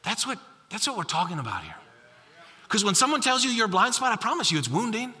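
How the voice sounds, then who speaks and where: A man's voice: high-pitched, sing-song, fast talker, sharp tone, big-room sound. A middle-aged male pastor preaching a sermon, telling stories with acted quotes and repeating key lines. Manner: storytelling with acted quotes and repetition.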